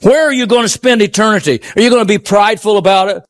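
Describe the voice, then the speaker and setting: Male preacher, high voice, emphatic sermon delivery, rhetorical questions to the pews, big swings from loud highs to hushed lows. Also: expressive, quick pace, few pauses. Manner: emphatic, swinging from high exclaims to low murmurs.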